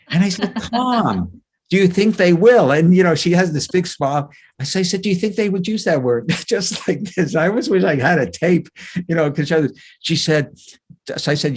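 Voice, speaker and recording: An older man with a husky, slightly breathy voice at a middle pitch talks as a guest psychologist on a webinar. He tells anecdotes conversationally, chuckling and restarting sentences, heard through a video call microphone. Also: darkish tone.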